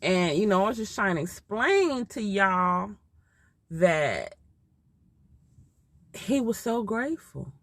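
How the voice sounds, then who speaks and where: A woman's voice: mid-range voice, very animated, slow pace, pauses often, dry recording. A mother telling a personal story in an emotional, heartfelt way, repeating herself for emphasis. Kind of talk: casual storytime.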